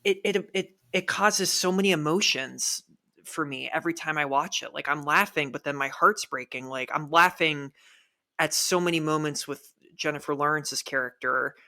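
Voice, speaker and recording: A man, a guest on a podcast from the Philadelphia area, talking about a movie in an eager, animated way. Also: on the high side, normal speed. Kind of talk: casual podcast chat.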